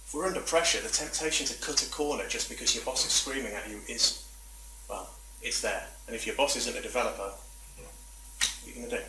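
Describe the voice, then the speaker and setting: A man's voice: mid-range voice, brisk, far from the mic, noisy background. Man talking in an echoey room. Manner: chatty, self-deprecating, rambling asides. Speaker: conference speaker. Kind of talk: presentation talk.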